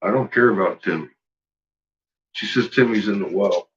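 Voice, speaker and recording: A man's voice: on the low side, moderate pace, fairly bright tone, highs cut off. A man at home talking to his pets in a playful, teasing way, baby-talking the dog and swearing casually. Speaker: pet owner.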